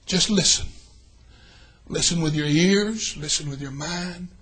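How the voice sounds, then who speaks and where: An older man preaching a revival sermon in a church, telling folksy stories and swinging from hushed tones to shouting. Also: on the high side, unhurried, husky.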